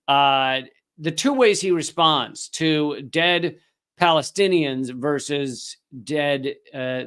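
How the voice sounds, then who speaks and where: Male comedy host, somewhat high voice, sarcastic ranting delivery. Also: fairly bright tone, clear, resonant tone. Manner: sarcastic, mocking impressions. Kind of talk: political comedy rant.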